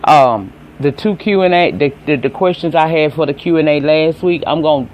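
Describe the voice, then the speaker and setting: A man's voice: a little high, moderate pace. A man with a Southern accent casually recapping a TV episode, chatty and profane, talking straight to his viewers. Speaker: TV episode reviewer.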